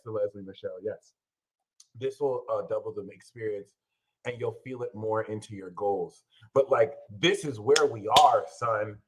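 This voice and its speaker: An American man hosting an astrology livestream, talking in an emphatic, slangy way and breaking into loud, heated rants. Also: medium pitch, low-quality recording. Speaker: astrologer and channel host. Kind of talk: animated livestream astrology talk.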